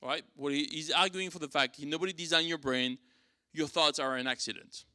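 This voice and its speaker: A man's voice: on the high side, steady tone, fairly quick, bright, forceful tone, no echo, clean studio sound. A man with a French accent teaching an apologetics class at church, conversational, with fillers and restarts.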